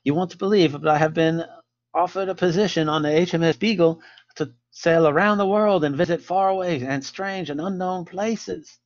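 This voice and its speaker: A man's voice: on the high side, normal speed, no echo, dull audio, pitched above the performer's own voice, close to an everyday voice. A man voicing an eager young man who pleads to be allowed to sail around the world. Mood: pleading.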